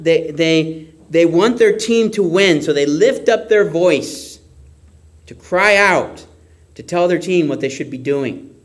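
A man preaching a sermon, expressive, acting out shouts and whispers. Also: a little high.

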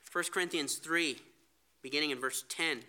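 A man's voice: fairly high pitch, moderate pace, bright, forceful tone. A man preaching a sermon, earnest, reading scripture aloud. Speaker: pastor.

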